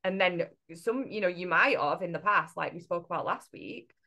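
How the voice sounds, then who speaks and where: A woman with a fairly low voice co-hosts a casual podcast as a spiritual coach. She talks earnestly and reflectively, often circling back with fillers and restarts as she works out her point. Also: normal speed, sharp tone, lo-fi sound.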